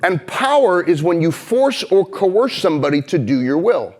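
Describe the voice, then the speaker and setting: A man in his thirties from St. Louis, delivering a motivational keynote on stage and telling stories with swings from heated and loud to hushed and slow. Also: high voice, big pitch swings. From St. Louis, Missouri. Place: conference stage before a live audience.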